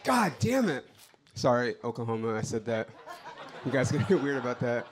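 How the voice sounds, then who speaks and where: A man's voice: mid-range voice, big pitch swings, fairly quick. A man doing a brash, profane stand-up set on a club stage, ranting to the crowd. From Los Angeles. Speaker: stand-up comedian.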